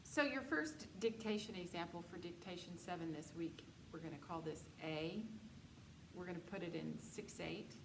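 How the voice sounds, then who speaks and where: A woman's voice: fairly low pitch, moderate pace, vocal fry. A woman teaching a music theory lecture, patiently explaining dictation exercises and counting beats aloud. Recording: echoey room with background noise.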